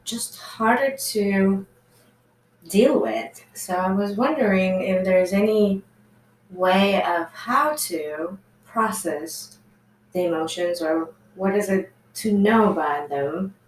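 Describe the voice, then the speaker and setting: Woman asking questions slowly, kinda far from the mic, echoey room w faint background noise. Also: medium pitch. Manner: slow, thoughtful questioning. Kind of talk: casual conversation.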